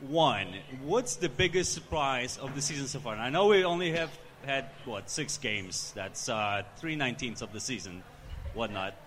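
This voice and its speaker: A man's voice: mid-range voice, lively intonation, normal speed, fairly bright tone, a little hiss or hum. A man in a bar audience putting a rambling, jovial question to podcast hosts. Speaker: audience member asking a question.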